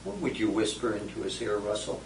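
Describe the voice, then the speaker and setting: A man's voice: lowish voice, sing-song, brisk. Man moderating a focus group. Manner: poses questions, then calls on people by name. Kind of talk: guiding a group discussion. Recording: roomy distant recording with faint noise.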